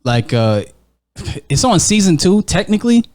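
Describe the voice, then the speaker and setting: A man co-hosting a podcast, chatting casually and telling animated, profanity-laced stories with frequent laughter. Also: high-pitched, moderate pace. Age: adult with a young daughter. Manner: animated storytelling, heavy profanity, laughs often. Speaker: podcast co-host. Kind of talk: casual chat.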